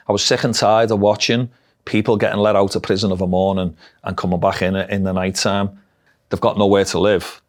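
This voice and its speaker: A middle-aged man with a Liverpool Scouse accent, telling his life story bluntly and frankly in an interview. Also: sits low. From Liverpool, England. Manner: blunt, dialect-heavy, frank. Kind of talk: candid personal storytelling.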